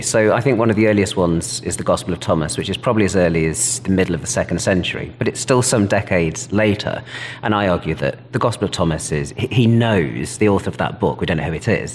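A man's voice: low voice, long reverb tail, a little hiss or hum. A British man, a Bible scholar, explaining history thoughtfully and enthusiastically in an interview. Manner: thoughtful, enthusiastic, self-correcting. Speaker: New Testament scholar, interview guest.

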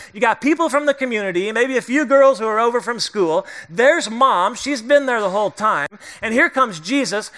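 Bright-voiced, joking male preacher. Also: very high voice. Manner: conversational, joking preacher who acts out voices. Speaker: pastor. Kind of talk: sermon.

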